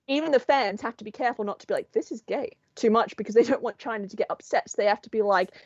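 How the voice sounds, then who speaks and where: A woman co-hosting a podcast, telling a story in an animated, sweary, laughing way. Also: a little high, rapid-fire. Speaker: podcast co-host. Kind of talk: casual chat. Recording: dull, dry sound.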